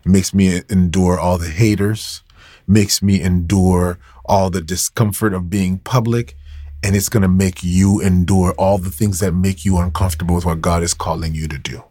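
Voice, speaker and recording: A man with a lowish, slightly husky voice preaches to a live online audience. He talks casually and with emphasis, repeating key phrases and calling out to "y'all." The sound is close and dry, with no room echo. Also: steady tone, normal speed, mellow. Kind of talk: livestreamed devotional sermon.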